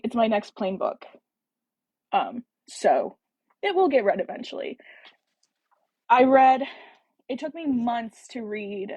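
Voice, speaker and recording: Woman, podcast host, reads a novel aloud live, self-deprecating asides, raspy, dry sound. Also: medium pitch, a little mellow, no echo. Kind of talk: casual chat and reading a novel aloud on a live stream.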